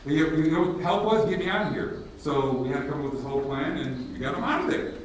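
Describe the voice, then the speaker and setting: Man, casual workshop presenter, animated storytelling, echoey hall, distant mic, faint room hiss. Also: fairly high pitch, quick pace. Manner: casual, animated, acts out dialogue. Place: large room with audience.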